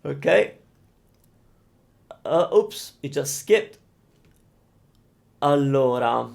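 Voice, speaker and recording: A man's voice: medium pitch, vocal fry. A young Italian man with an Italian accent, teaching pronunciation live and stretching out sounds to demonstrate them. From Italy. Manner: animated, drawn-out demonstrations of sounds. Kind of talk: live-streamed pronunciation lesson.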